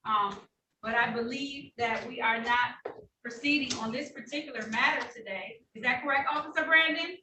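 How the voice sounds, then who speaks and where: A woman's voice: on the high side, normal speed, bright, forceful tone. A woman judge running a hearing over a video call, talking in a patient, reassuring, businesslike way. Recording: echoey room, picked up from a distance, faint noise.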